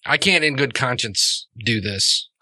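Brief: a man putting on a profane street-smart orc trucker, bright and brash, dry close sound. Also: mid-range voice, expressive, a little slow, no echo, full character voice. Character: gruff male orc food-truck worker, streetwise.

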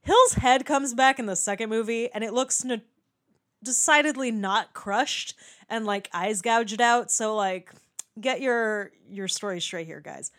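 A woman with a slightly high voice picks apart a film in a relaxed podcast conversation. She talks in quick, loose sentences, swears freely and breaks into laughter, slipping into the voices of the characters she quotes. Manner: chatty, swears, laughs often, acts out quoted lines. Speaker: podcast co-host. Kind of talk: casual movie discussion.

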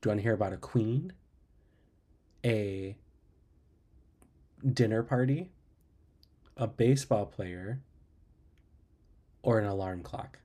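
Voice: medium pitch, takes it slowly, long pauses, dark tone. Co-host, mid-range voice, casual storyteller who laughs along. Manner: laid-back, laughs at own stories. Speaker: podcast co-host.

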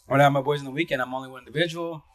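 A man hosting a casual live stream, talking fast and rambling, with restarts and repeated words. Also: mid-range voice, fairly even intonation, no room sound. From Seattle area. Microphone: phone.

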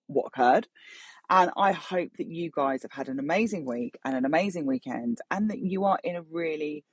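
A middle-aged woman hosts her own show and rambles through a personal story, swearing freely and chatty throughout. Her voice has a husky, breathy edge. The sound is close and dry. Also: rumbling low, no echo. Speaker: podcast host. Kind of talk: casual storytelling monologue.

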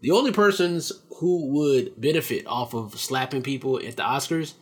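A man's voice: medium pitch, expressive, normal speed, slightly rough. A man co-hosting a casual podcast chat, arguing his point in an emphatic, profane way. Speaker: podcast co-host.

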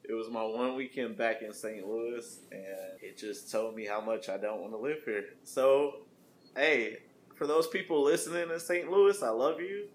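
A man's voice: mid-range voice, normal speed, slight background noise. A young man co-hosting a podcast, chatting casually in a joking, playful way. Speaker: podcast co-host. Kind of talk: casual chat.

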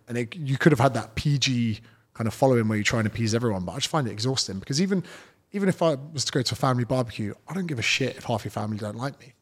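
A British man, a fitness trainer, telling stories as a guest in a casual podcast interview, blunt and swearing freely. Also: mid-range voice.

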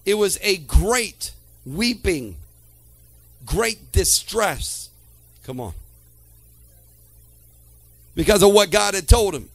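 A man preaching a sermon to a church congregation, swinging from quiet talk to shouted lines and calling out to the room. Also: sits high, expressive, slow pace, long pauses, no echo, faint music behind. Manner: calls to the congregation.

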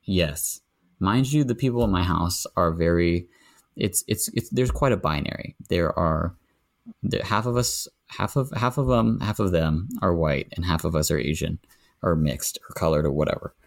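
A man, a podcast guest, telling a story in casual chat and getting heated and animated as he goes. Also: moderate pace, creaky. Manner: animated storytelling, rising pitch when indignant.

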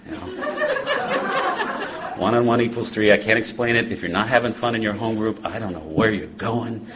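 A man speaking at a recovery convention, joking and animated, moving between loud bursts and hushed passages. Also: on the low side, quick pace, very noisy. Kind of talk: humorous personal talk to a live audience. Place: convention hall. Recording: dull lo-fi live talk recording.

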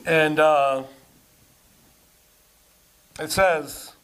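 A pastor with a high voice preaches to his congregation. He keeps asking them questions and answering them, and he reads scripture aloud with rising emphasis. The sermon is delivered at a church service. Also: fairly even intonation, extremely slow, a bit bright, clean tone, rough recording.

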